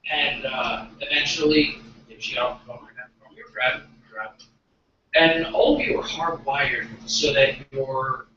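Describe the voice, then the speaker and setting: A man's voice: mid-range voice, sharp tone, a little hiss or hum. Self-deprecating man doing stand-up, echoey room. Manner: self-deprecating, awkward storytelling with acted-out quotes. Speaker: stand-up comedian. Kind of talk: stand-up routine. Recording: echoey, dull recording from a distant mic.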